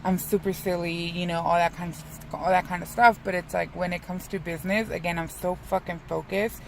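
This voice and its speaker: Young woman talking thru her rough morning, swears a lot, gravelly fry in her voice, faint car hum behind. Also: on the low side, steady tone, brisk, poor audio. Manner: rambling, profane, self-mocking. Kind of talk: casual reflective vlog.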